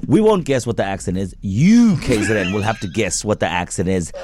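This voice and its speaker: A man hosting a radio show, bantering in a lively, teasing way with his co-hosts. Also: on the low side, a little fast, a little hiss or hum. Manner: animated, teasing, laughs often.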